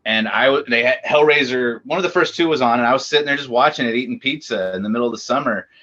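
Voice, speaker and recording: A man co-hosts a casual interview. His voice is bright and forceful, and he rambles through his stories with fillers. The recording is dull and lo-fi. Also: mid-range voice. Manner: rambling, halting storyteller with fillers. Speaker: co-host.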